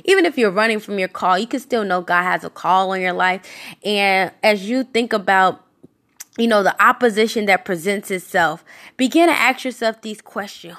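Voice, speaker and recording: A woman's voice: on the high side, a bit bright. A woman giving a devotional podcast sermon. She speaks earnestly and casually, with fillers and restarts, and her voice rises when she repeats a question for emphasis. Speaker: podcast preacher.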